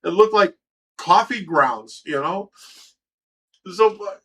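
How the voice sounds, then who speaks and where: A man's voice: high-pitched, expressive, slow, a bit bright, slightly rough. A middle-aged man from Ohio hosting a livestream, telling a story casually, swearing freely and stammering over repeated words. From Ohio, USA. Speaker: livestream host.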